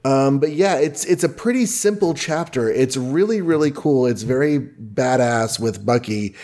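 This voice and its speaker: A man with a medium-pitched voice co-hosts a casual podcast. He explains his points in a measured way, pausing on "um" as he works through his thoughts. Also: mellow. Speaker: podcast co-host. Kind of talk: casual chat about comics.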